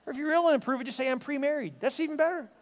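A man's voice: extremely high pitch, rapid-fire. A man preaching a sermon as a pastor, emphatic and exhorting, with playful asides. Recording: long reverb of a large hall.

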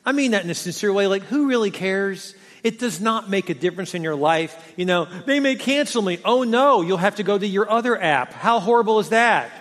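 High-voiced preacher in a reverberant hall. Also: male voice. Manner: energetic, conversational preaching with rhetorical questions. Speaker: pastor. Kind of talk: sermon.

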